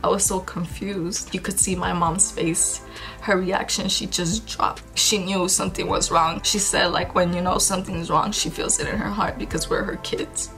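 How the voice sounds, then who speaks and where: A woman in a vlog, recounting a personal loss in a halting, emotional way, full of fillers and restarts. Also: on the low side, flat delivery, gravelly, a bit bright, soft background music, rough recording. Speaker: vlogger. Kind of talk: personal storytelling.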